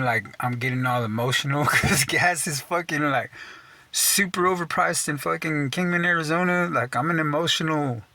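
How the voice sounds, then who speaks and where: A young Texan man tells a casual, profane rant in a medium-pitched, sharp-toned voice. He swears constantly, says "dude" a lot, and laughs at himself mid-sentence.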